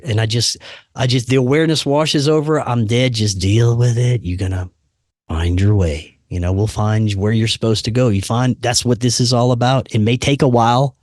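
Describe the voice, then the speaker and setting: A podcast host with a medium-pitched voice tells a personal story casually and animatedly, acting out the voices of people he quotes and often saying "man" and "dude." The sound is clean studio audio with no room sound.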